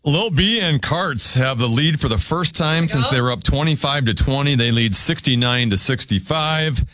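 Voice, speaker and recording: A man runs a word game show, calling scores and turns in a brisk, businesslike way. His voice sits at an average pitch. It is recorded close and dry, with no room echo. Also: animated, bright, forceful tone.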